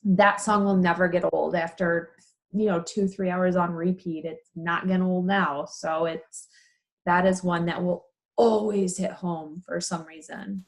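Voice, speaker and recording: A woman in her thirties, a funeral director, chatting casually and telling stories with lively, expressive swings. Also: lowish voice, measured pace. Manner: animated, expressive storytelling. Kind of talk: casual chat over wine.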